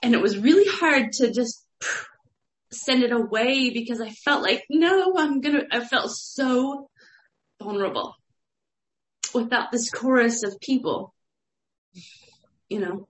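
Woman sharing confessionally in a roomy space. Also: on the high side. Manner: searching, halting, confessional. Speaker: meditation group participant. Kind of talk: emotional personal sharing. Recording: roomy echo.

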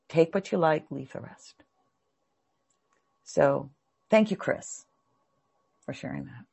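A woman's voice: deep voice, animated, takes it slowly, gravelly, long pauses, dark tone, husky. A woman teaching a spiritual class, speaking earnestly and with feeling as she searches for her words.

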